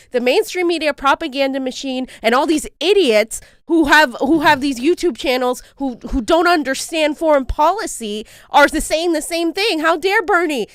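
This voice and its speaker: A woman's voice: high voice, fairly bright tone, dry recording, clean studio sound. A woman co-hosting a political commentary show, ranting in an exasperated way and repeating words as she talks. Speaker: co-host.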